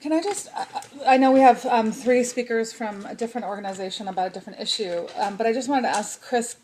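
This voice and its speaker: A woman's voice: fairly high pitch, fast, darkish tone, a little hiss or hum, rough recording. A woman chairing a public committee meeting, speaking casually and hesitantly with many fillers.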